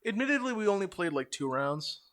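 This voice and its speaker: A man's voice: high-pitched, big pitch swings, brisk, a bit bright. A young man co-hosting a podcast, chatting casually, ranting animatedly with lots of swearing. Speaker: podcast co-host. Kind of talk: casual chat.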